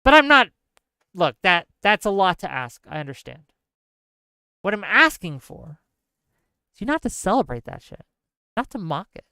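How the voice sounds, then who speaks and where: A man giving an impassioned political commentary monologue, earnest and lecturing, speaking straight to his audience in fast bursts with heavy repetition. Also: high voice, big pitch swings, sharp tone, clear, resonant tone, no echo. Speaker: political streamer.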